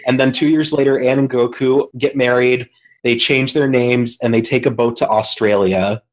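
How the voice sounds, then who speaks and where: A man's voice: medium pitch, fairly even intonation, moderate pace, poor audio. A man co-hosting a podcast, telling a long story in casual chat with lots of fillers and swearing. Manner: rambling storyteller, heavy swearing, many fillers. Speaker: podcast co-host.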